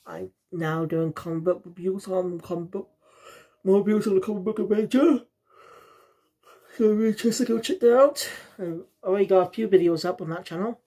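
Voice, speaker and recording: A reviewer from South Wales talks at a middling pitch. The delivery is loose and rambling, often losing the thread. It feels like a casual spoken review. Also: darkish tone.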